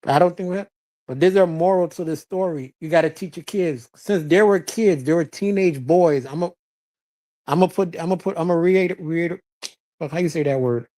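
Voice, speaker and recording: Mellow-voiced man rambling casually on stream. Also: on the high side, normal speed. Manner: loose and rambling, restarts words, swears casually. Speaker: streamer host. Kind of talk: casual commentary monologue. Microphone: streaming setup mic.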